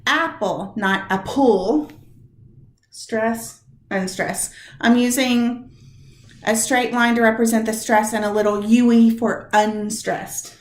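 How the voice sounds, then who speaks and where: A woman teaching a recorded video lesson to her high school English class, talking straight to the students and drawing out her spoken examples. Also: little pitch movement, echoey room. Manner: chatty, direct address to students, drawn-out examples. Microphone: computer mic.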